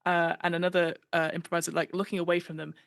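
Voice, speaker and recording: A woman guest on a podcast chatting casually, animated and given to acting out the voices she quotes, with plenty of fillers. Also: lowish voice, fast, gravelly, no room sound.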